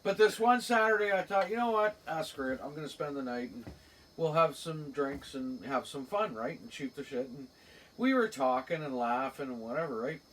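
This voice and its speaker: A man's voice: on the high side, lively intonation, moderate pace. A man with a Cape Breton accent telling a rambling funny story in casual chat, laughing often. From Cape Breton, Canada. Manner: rambling, laughs often, acts out quoted voices loudly. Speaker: podcast host. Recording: distant mic with faint room noise.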